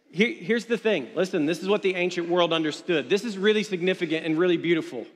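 A man preaching a sermon to his congregation, passionate and building to shouted refrains. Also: sits high. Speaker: pastor. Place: church hall. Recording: long hall reverb.

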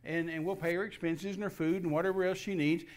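A man's voice: sits high, fast. Older man telling a story. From Texas. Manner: folksy, repetitive restarts, animated quoting of dialogue. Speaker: guest minister. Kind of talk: personal testimony storytelling.

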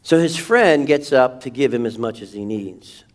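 A man preaching a sermon as pastor, animated, asking rhetorical questions and shouting quoted lines for emphasis. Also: medium pitch, moderate pace. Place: church sanctuary.

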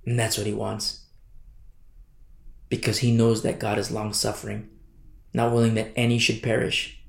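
A man's voice: on the low side, level tone, normal speed, creaky. A man preaching a sermon as pastor, pressing home his points with repeated rhetorical questions. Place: church hall. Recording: echoey church room.

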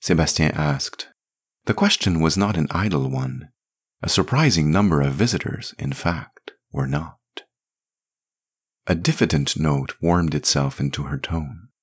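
A man narrating a story podcast in an expressive, measured way. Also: extremely low pitch, slightly rough.

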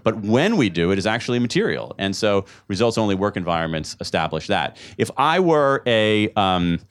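A man speaking to a live audience in a question-and-answer session, lively and jokey, often restarting and repeating words. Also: lowish voice. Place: event room with a live audience.

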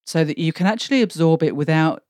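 A woman's voice: sits low, quick pace, a little mellow, dry recording, clean studio sound. A woman counsellor, chatting casually, who often repeats her first words as she starts a sentence. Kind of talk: casual podcast chat.

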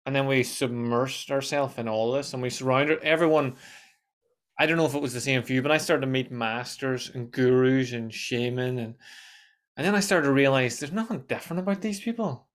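A man hosting a casual podcast conversation, animated and swearing freely. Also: mid-range voice. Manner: animated, swears, quick asides.

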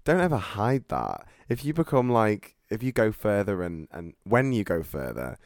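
A man's voice: fairly low pitch, sing-song, normal speed, dry recording, clean studio sound. A man hosting a podcast, chatty and enthusiastic as he interviews a guest. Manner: chatty and enthusiastic, gushing praise. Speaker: podcast host.

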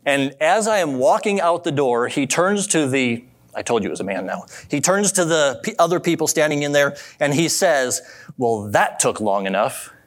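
A man preaching a sermon in a relaxed, conversational way, telling a story and asking his listeners questions. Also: on the high side, normal speed, hardly any pauses. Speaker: pastor.

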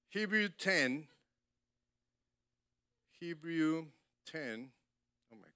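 Preaching in animated, broken English, a Spanish-speaking man takes his time and laughs a lot. His voice is high and bright, and the sermon is captured dry and close, with little room around it.

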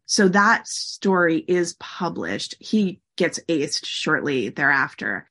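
A woman with a low, husky voice talks through a long story as an interview guest. She is chatty and loose, filling her talk with "like" and putting on voices for the people she quotes. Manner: chatty, uses "like" often, animated quotes. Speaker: guest expert. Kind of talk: conversational interview.

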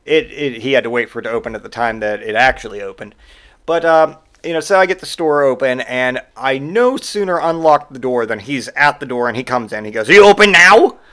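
A man's voice: medium pitch, a little fast, fairly bright tone. A man hosting a podcast and telling stories in a casual monologue, exasperated and sarcastic, and he swears freely. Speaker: podcast host.

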